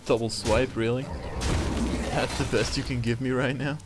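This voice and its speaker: A man of middle pitch talks through a card game as he plays, working out his moves aloud. He grumbles and swears when luck turns against him. Clear game music plays behind his voice. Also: steady tone, normal speed. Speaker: gamer playing a card game. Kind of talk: casual gameplay commentary.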